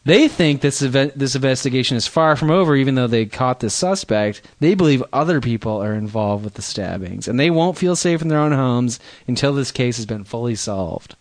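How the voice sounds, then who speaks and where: A mid-pitched man trading crude jokes as a podcast co-host. He recounts grim news stories in a loose, irreverent way. The sound is dry and close, with no room around it. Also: expressive, a little fast, few pauses, no room sound. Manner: irreverent, joking, reads out news quotes. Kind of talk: casual crude banter about news.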